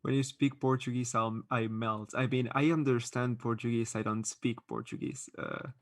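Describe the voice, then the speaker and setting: A man's voice: medium pitch, fairly even intonation, normal speed. A man hosting a live stream, reading chat aloud and chatting casually; English is not his first language, and he talks with many fillers and restarts. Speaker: livestream host reading chat.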